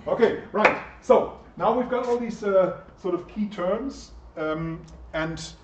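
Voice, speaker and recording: A man lecturing a university class in a relaxed, chatty way, stopping often to put questions to the students. He sounds distant in an echoey lecture room, and the recording is dull and muffled. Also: sits high, takes it slowly, heavy background noise. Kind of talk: interactive lecture.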